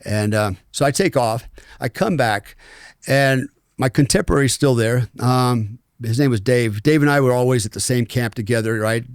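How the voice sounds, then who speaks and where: A man's voice: medium pitch, moderate pace, smooth, dry recording. Middle-aged American man, ex-soldier guest, candid rambling storyteller, dry close mic. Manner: frank, rambling, many fillers and restarts. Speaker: former special forces soldier, podcast guest. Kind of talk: storytelling in a conversational interview.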